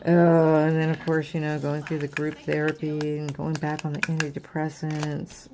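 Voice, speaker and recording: This crafting-channel host, a middle-aged woman, has a low, monotone voice with a darkish tone and a slightly slow delivery. Her talk is casual and personal, candid and meandering, and heavy with fillers.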